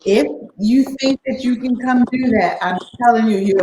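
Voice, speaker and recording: A woman's voice: on the high side, normal speed, hardly any pauses, roomy sound, background noise. A woman hosting a casual podcast panel chat, talking in a blunt, emphatic, defensive way. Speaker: podcast host.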